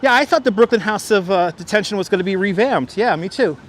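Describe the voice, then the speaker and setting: A fast-talking man with a high voice hosts a casual livestream on foot, out on city streets. His wireless clip-on mic adds a bit of hiss or hum, and he restarts phrases and thanks viewers as he goes.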